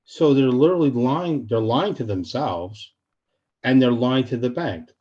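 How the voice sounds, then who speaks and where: Blunt, animated man on a lo-fi line. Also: medium pitch, a little slow. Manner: blunt, animated storytelling with acted-out quotes. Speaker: real estate short sale specialist, podcast guest. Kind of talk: casual interview talk.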